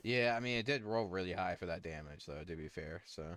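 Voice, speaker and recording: Fast, lively-voiced man running the game. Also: sits low. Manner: quick, lively rulings and narration. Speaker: dungeon master. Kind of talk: running a tabletop game over voice chat.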